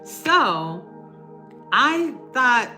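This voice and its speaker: A middle-aged woman hosting a casual livestream, chatting with viewers, reading their comments and offering warm reassurance. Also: on the high side, sing-song, very slow, soft background music. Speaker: livestream host. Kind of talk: casual live chat with viewers.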